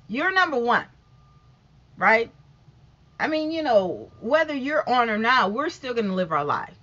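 A stuffy-nosed woman with a cold runs a sassy celebrity gossip vlog, her voice high and swooping all over. She talks back dramatically to people who aren't there, with a bright, piercing edge. The recording sounds dull and lo-fi. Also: very animated, normal speed, few pauses.

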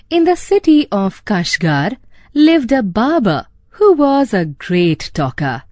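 Slow expressive Indian woman narrator. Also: medium pitch, dry recording, clean studio sound. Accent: Indian English. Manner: clear, expressive reading. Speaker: storyteller for an English class. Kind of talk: scripted story narration for children.

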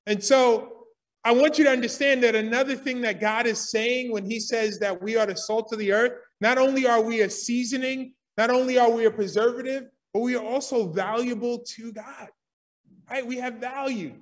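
A man's voice: extremely high pitch, fairly even intonation, moderate pace, recorded from a distance. A man preaching a sermon in church, emphatic, often asking the congregation "right?".

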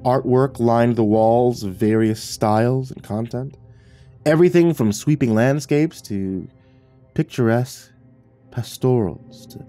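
A man narrating a scripted horror story in a measured storytelling way. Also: mid-range voice, warm tone.

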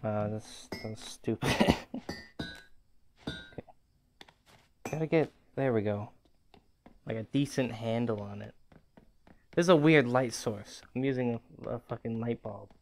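A man's voice: medium pitch, unhurried, gravelly, pauses often, slight background noise. A man hosting a gaming channel, giving chatty, rambling commentary as he plays, laughing often. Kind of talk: casual game commentary.

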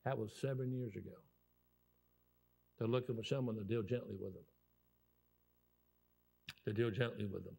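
A man's voice: on the low side, normal speed, gravelly, long pauses, husky. A man in his sixties with a Southern US accent, preaching a sermon as a guest preacher and telling stories in a folksy, rambling way. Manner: folksy, animated storytelling with rambling restarts.

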